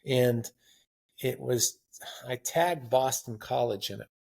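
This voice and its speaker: A man in his sixties chatting as a podcast guest, telling long rambling stories in a relaxed, anecdotal way. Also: medium pitch, takes it slowly, gravelly. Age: 60s. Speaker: guest marathon runner. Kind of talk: casual interview chat.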